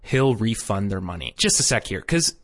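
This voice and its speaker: A man's voice: on the low side, big pitch swings, moderate pace, a bit bright. Man recapping a cartoon with wry asides. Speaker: podcast co-host reading episode recaps. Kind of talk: casual chat and recap narration.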